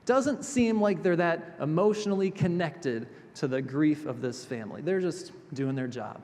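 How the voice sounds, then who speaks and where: A male pastor delivering a sermon in a chapel, expressive, moving between emphatic passages and hushed, gentle ones. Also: on the high side, normal speed. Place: chapel sanctuary. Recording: reverberant chapel hall.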